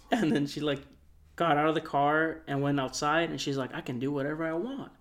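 A man telling a long story on a casual podcast, rambling and soft-spoken, with lots of filler words. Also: on the high side, steady tone, moderate pace. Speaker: podcast co-host.

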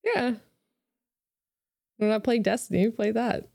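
A woman's voice: a little high, expressive, a little slow, gravelly, mellow, no room sound, studio quality. A woman co-hosting a podcast in casual chat, bubbly and playfully teasing, laughing often. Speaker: podcast co-host.

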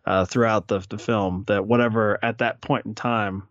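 A man's voice: lowish voice, fairly even intonation, moderate pace, a bit bright, no echo, muffled recording. A man co-hosting a podcast, chatting casually about films in a rambling way full of fillers. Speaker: podcast co-host. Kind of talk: casual film discussion.

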